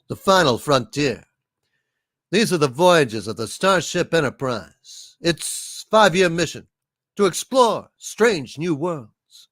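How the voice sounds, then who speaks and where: A man imitating a starship captain, reciting in a measured, declamatory way. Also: on the high side, a bit bright, dry recording, voice pushed up.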